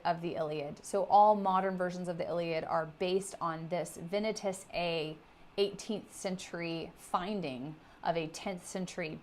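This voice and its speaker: A middle-aged woman giving a recorded literature lecture, explaining terms with steady emphasis on key words. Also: fairly low pitch, a little hiss or hum.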